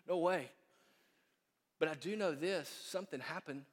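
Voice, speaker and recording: A man preaching a sermon as pastor in a church sanctuary, folksy and storytelling, growing quiet and earnest. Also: fairly high pitch, unhurried, breathy edge. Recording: long reverb of a church hall.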